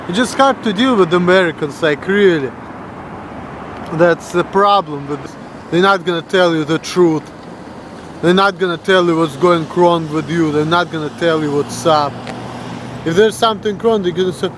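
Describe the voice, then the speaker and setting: Background noise accompanies a young Russian vlogger's high-pitched, moderately paced voice. Speaking with a Russian accent, he rants bluntly and profanely, crudely mocking how other people sound.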